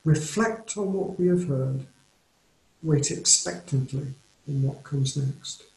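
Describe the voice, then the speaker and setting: An English man delivers a sermon with earnest, measured emphasis, his voice sitting a little high for a man. The room around him gives a noticeable echo. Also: gravelly, a little mellow. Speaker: preacher. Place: church or home, recorded for online service. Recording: roomy echo.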